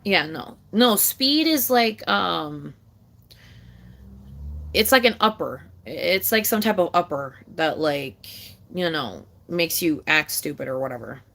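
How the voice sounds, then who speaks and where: This young female vlogger speaks slowly in a creaky, expressive voice as she rambles and swears through a casual rant to camera, with big leaps in pitch and loudness.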